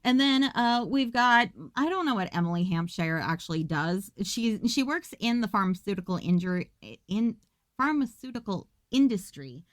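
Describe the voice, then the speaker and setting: Woman podcast host, mid-pitch, dry close sound, jokey and profane, rambling film recap. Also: expressive, moderate pace, dry recording. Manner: joking, profane, rambling asides. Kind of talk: casual movie recap.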